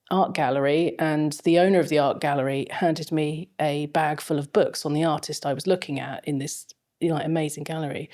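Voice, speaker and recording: A middle-aged woman who lectures on fashion film chats casually as an interview guest. Her voice is low and mellow, and she rambles through anecdotes packed with fillers.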